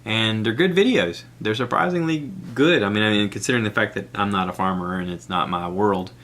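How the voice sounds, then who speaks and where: A man's voice: on the low side, fairly quick, fairly bright tone. A man hosting a solo podcast, talking in a chatty, rambling way and recommending things with enthusiasm. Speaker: podcast host. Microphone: iPad recording app.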